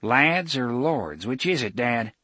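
A man voicing a rough, menacing young frontier thug with old-fashioned rustic speech. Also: mid-range voice, sing-song, slow, pushed and bright, no echo, full character voice. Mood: threatening.

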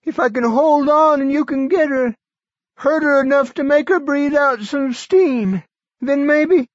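A hoarse, feverish sick man. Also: a little slow, no room sound, muffled recording. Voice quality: hoarse, clotted voice. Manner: high strained near-shouting.

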